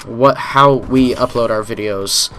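A man's voice: medium pitch, a little slow, a bit bright, a little hiss or hum. A man hosting a gaming channel, giving live commentary on a shooter match in a frustrated, ranting manner full of swearing. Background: game gunfire.

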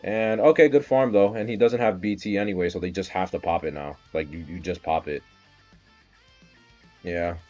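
Male game streamer, low voice, excitable and swearing, dull lo-fi audio with faint guitar behind. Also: moderate pace. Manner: excitable, swearing, bursts into loud shouts. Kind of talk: casual live game commentary.

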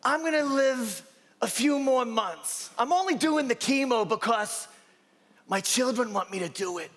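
A man on stage putting on the voice of a blunt, feisty eighty-year-old woman patient, raised high and scolding. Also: animated, a little slow, a bit bright, heavily acted. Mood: warm.

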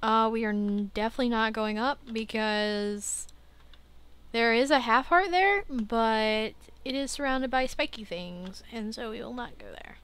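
A young woman running her own let's play commentary in a bright, sharp voice with a smooth, clear tone. She talks straight at the game, swings between muttering and yelling, and swears freely. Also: fairly high pitch, unhurried. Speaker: gaming channel host.

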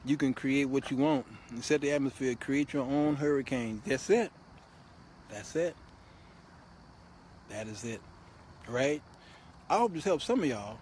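A man hosting a show, giving comic relationship advice in an animated, laughing, preachy way. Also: on the high side, slight background noise. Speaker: host. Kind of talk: comedic relationship advice monologue.

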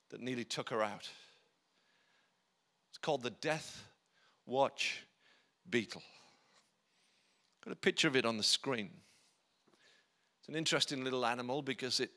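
A man preaching a sermon in church, emphatic, often dropping to quiet low tones for effect. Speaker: pastor.

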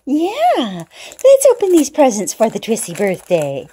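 A woman at home speaks in a high, wildly swooping sing-song, cooing baby talk at her cats. Her words come slow and drawn out, in a warm, breathy voice, punctuated by gasps and little laughs. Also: huge pitch swings. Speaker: cat owner filming her pets.

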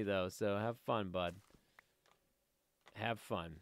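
A man's voice: low voice, moderate pace, vocal fry, long pauses, no echo, clean studio sound. A man giving casual, rambling commentary while playing a game, easily sidetracked and chatting to viewers and to the creatures on screen. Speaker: let's play host.

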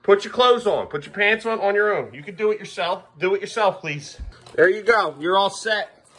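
A man's voice: high-pitched, lively intonation, normal speed, bright, forceful tone, breathy edge. A man filming his kids at home in a casual vlog, exasperated and half-laughing as he talks to them. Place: family home.

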